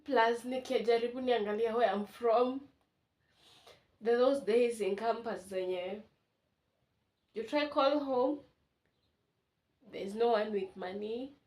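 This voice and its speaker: Slightly high and darkish in tone, this vlogger's voice moves at an unhurried pace with many pauses. She's a Kenyan woman in her twenties, chatting emotionally and casually while unboxing things indoors at home.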